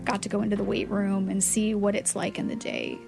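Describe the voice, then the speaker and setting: A woman's voice: medium pitch, a little fast, vocal fry, over music. A woman guest in an interview, telling a story with energy, acting out the lines of the people in it and laughing often. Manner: lively storyteller who acts out dialogue and laughs often. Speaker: charity fundraiser guest.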